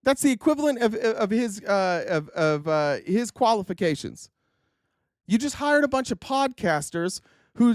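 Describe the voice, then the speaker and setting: A man with a notably high voice hosts a political live stream in a heated, sarcastic rant full of swearing. He keeps breaking off and restarting his sentences. The sound is close and dry, with no room in it. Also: no room sound. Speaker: political livestream host. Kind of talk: ranting political commentary.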